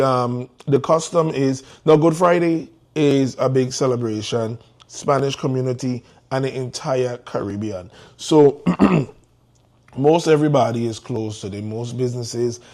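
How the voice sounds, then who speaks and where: A man hosting a morning talk show, giving relaxed, rambling shout-outs to listeners. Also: mid-range voice. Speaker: radio show host. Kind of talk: casual morning show greeting.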